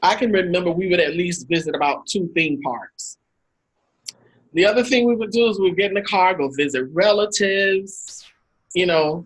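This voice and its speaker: Woman host with a husky, breathy edge, chatting casually on a video call and acting out her stories. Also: fairly low pitch, poor audio. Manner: animated anecdotes, acts out quotes with laughs. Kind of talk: casual storytelling talk.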